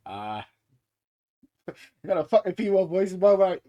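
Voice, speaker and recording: A man's voice: high voice, big pitch swings, slow, long pauses, very noisy. Crude, laughing man commenting on a game. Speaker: gaming streamer. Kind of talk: let's play commentary. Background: game music.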